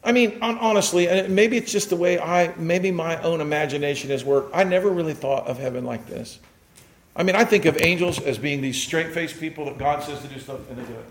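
Guy preaching, fairly high voice, gets loud and excited acting stuff out. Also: brisk. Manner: animated, shouts and acts out joyful voices. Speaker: pastor. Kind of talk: sermon.

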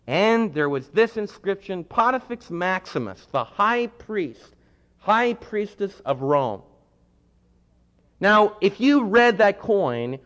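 Animated preacher man in a reverberant hall. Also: high voice. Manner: animated, acts out quoted voices. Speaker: pastor. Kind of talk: sermon. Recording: muffled hall recording with long reverb.

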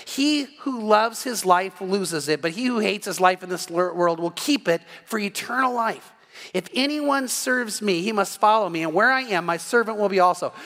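High-voiced joking pastor in a reverberant church. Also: male voice. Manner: animated, joking, acts out little dialogues. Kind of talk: sermon.

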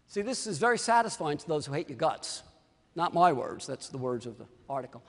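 A man, an orthodontist, telling a story to an audience and acting out the dialogue in a lively way. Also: fairly high pitch, fairly quick, vocal fry, in a large hall.

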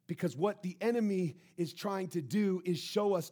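A pastor preaching a sermon in a church, impassioned, swinging between loud and hushed. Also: male voice, high-pitched, moderate pace, hardly any pauses.

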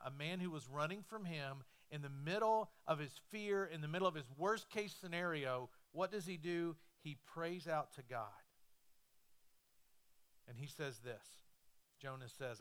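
Man preaching a sermon, high voice, bright and clear, loud to hushed. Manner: dynamic, swings from loud to hushed. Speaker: pastor.

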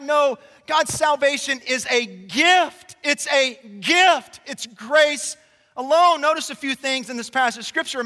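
A man preaching a sermon to a congregation, emphatic and conversational, swinging between loud declarations and hushed passages. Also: extremely high pitch. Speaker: pastor. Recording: long reverb of a large hall.

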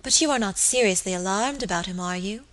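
A woman's voice: mid-range voice, fast, natural voice. A woman voicing an anxious young lady of the manor, who asks probing questions in a storybook reading.

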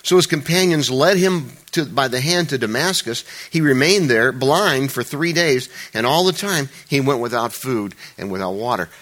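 A middle-aged male pastor delivers a lively sermon. His pitch leaps high for acted-out dialogue and drops low for earnest points. He laughs softly between lines of scripture. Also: moderate pace, hardly any pauses. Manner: animated, reads scripture with acted voices and chuckles.

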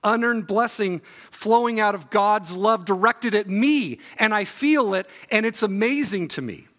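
A man preaching a sermon in a church, reading scripture aloud and teaching with relaxed, joking asides. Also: sits high, unhurried. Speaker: guest preacher. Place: church sanctuary.

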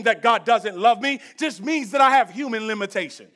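A male pastor preaching a sermon in a church. His delivery is conversational and swings between loud emphasis and hushed intensity. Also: very high-pitched, normal speed.

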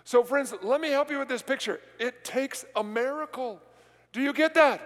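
A man preaching a sermon as a pastor, often asking the congregation questions and pausing for them to answer. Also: very high-pitched, fairly bright tone. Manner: asks the congregation rhetorical questions and pauses for answers. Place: large church sanctuary. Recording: long hall reverb.

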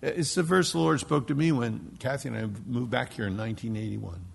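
A man from Philadelphia preaching a sermon as pastor, emphatic, dropping to a hush and rising to loud stresses. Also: medium pitch, a little fast, vocal fry, a little hiss or hum. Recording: long hall reverb.

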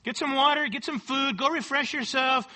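A man's voice: very high voice, normal speed, sharp tone, voice pushed up, full character voice. A man voicing a scheming male devil tempter during a sermon, with a coaxing, mock-friendly manner. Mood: mock-kindly.

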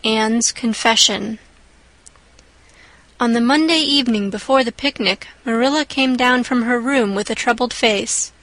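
A woman narrating a chapter of a classic novel in a measured, clear reading. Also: fairly high pitch, a bit bright, dry recording, poor audio. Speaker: audiobook narrator. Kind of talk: scripted narration.

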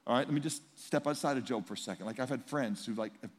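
A male pastor preaching a sermon in a conversational, emphatic way, swinging between loud and hushed. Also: mid-range voice, quick pace, husky. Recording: long reverb in a large hall.

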